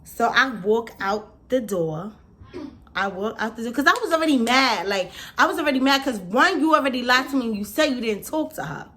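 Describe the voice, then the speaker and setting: A young adult woman vlogger tells a story straight to camera, animated and slangy, peppering it with "like" and "y'all". Her voice sits a little on the high side. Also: brisk. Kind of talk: casual storytime vlog.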